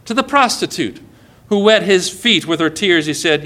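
Bright-voiced man preaching a sermon. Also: lively intonation, normal speed. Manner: earnest, often dropping low and soft when quoting.

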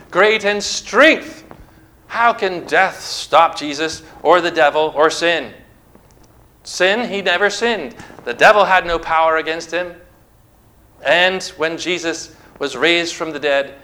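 A man preaching a sermon, retelling scripture stories with emphatic, dramatic delivery and slow stressed phrases. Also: a little high, bright, forceful tone, low-quality recording. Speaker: pastor.

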